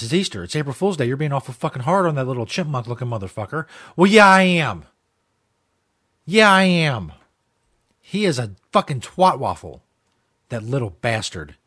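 A man's voice: fairly high pitch, fairly bright tone. A man hosting a talk show, ranting bluntly and combatively with heavy profanity. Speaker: host. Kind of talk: opinionated talk show rant.

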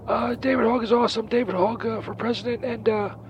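A man's voice: very high-pitched, steady tone, fast, highs cut off, background noise. A man phoning in as a regular caller, rambling crudely and stammering with lots of fillers, calling from a vehicle. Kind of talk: rambling prank-style phone call.

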